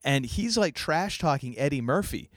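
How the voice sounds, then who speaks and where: A man's voice: a little high, very animated, moderate pace, no room sound, clean studio sound. A man hosting a casual podcast, talking enthusiastically and rambling with many restarts. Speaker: podcast host. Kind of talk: casual chat.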